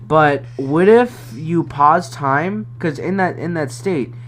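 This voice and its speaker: A man's voice: on the high side, slow, fairly bright tone. Young guy rambling on a podcast, lots of uhs, giggly, faint hum behind. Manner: rambling, hesitant, laughs often. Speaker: podcast co-host. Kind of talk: casual chat.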